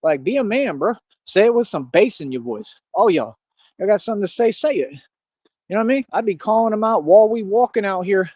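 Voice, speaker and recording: A man's voice: high voice, expressive, brisk, darkish tone, no echo. Brash, boastful man ranting in street slang. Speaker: streamer. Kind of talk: casual streaming rant. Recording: dull lo-fi stream audio.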